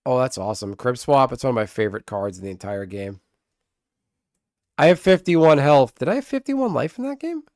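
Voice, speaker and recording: A man streaming a card game live, chatting casually with viewers, excitable and swearing freely. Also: mid-range voice, fairly quick, dry recording, clean studio sound.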